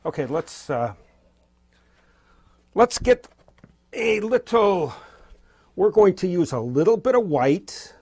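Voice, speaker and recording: A man's voice: sits high, sing-song, slow, pauses often, darkish tone, husky. A man teaching abstract painting as he works, talking in a loose, encouraging, spontaneous way. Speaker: painting instructor. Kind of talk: casual painting demonstration.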